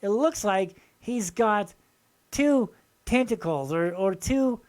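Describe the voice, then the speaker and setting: Excited rambling man showing finds. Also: sits high, slow pace. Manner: excited, rambling, addresses viewers directly. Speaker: channel host. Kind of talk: casual show-and-tell video.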